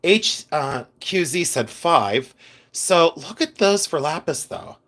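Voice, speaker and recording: Taking it slowly, this gem livestream host sounds very animated, his voice fairly high and a bit bright. He talks casually with viewers, giggles a lot, and wanders into tangents.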